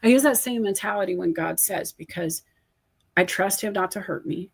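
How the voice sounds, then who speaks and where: A woman hosting a casual chat as a coach, telling stories in a candid, animated way. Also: medium pitch, moderate pace, creaky, husky. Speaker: host and coach.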